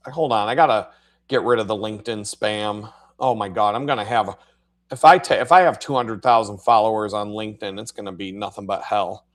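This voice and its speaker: A man's voice: lowish voice, fairly quick. A man hosting a live stream, telling crude workplace stories in casual speech full of swearing. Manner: crude, swearing, animated storytelling with laughs. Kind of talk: profane casual storytelling.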